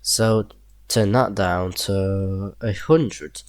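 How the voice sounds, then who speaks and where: A man's voice: low-pitched, very slow, a little mellow, no room sound. A young man with a Yorkshire accent, casually thinking aloud while building a train map in a game, chuckling to himself now and then. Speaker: gameplay video creator. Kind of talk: casual gameplay commentary.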